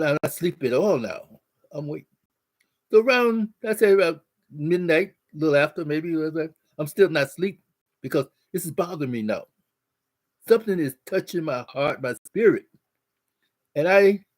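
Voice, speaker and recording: A man telling a marriage story in an animated way, acting out the dialogue. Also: on the high side. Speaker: speaker on marriage. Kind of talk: storytelling talk.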